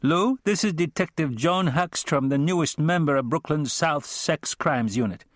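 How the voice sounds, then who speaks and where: A man's voice: on the high side, normal speed, no room sound, clean studio sound, voice pushed up, close to an everyday voice. A man voicing a brash, wisecracking female police detective in an audiobook. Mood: teasing. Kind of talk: audiobook character voice.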